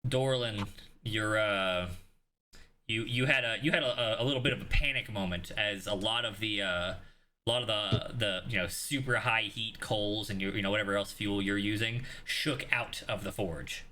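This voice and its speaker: Guy dm'ing a tabletop game, bright forceful voice, lots of uhs and restarts, swears casually. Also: lowish voice, moderate pace, slight background noise. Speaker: game master.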